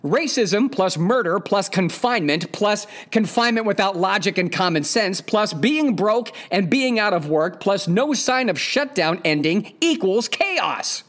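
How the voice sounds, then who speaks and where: This podcast host, a man with a high, animated, fairly bright voice, speaks unhurriedly with few pauses. His monologue is blunt, profane and opinionated, and he hammers his points home by repeating them emphatically.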